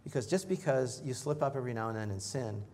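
A man preaching a sermon in a conversational way, joking with the congregation and rising in pitch and volume when he reads scripture. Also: lively intonation, fast talker, darkish tone. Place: church in front of a congregation.

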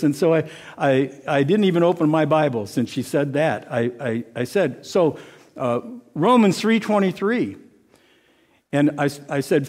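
Halting man preaching, slightly high voice. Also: animated, a little mellow. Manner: halting, repeats words and restarts often. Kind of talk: informal sermon with personal story.

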